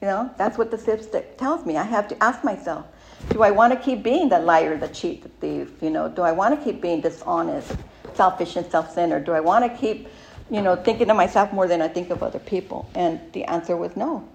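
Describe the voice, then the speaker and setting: A woman's voice: on the low side, fairly quick, gravelly, darkish tone, a little hiss or hum. A middle-aged woman giving a candid, rambling personal recovery share, with many fillers and asides.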